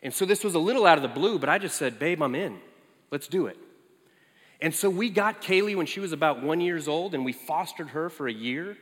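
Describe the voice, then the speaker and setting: A man in his forties preaching as a guest, telling lively family stories with animated quotes of his child. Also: a little high, fast talker, hardly any pauses. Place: large church sanctuary. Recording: echoey large hall.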